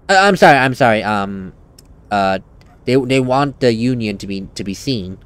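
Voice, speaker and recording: A man's voice: medium pitch, lively intonation, moderate pace, clear, resonant tone. A man hosting a let's play, chatting casually, often correcting himself and laughing while he reads game dialogue aloud. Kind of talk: casual gaming commentary.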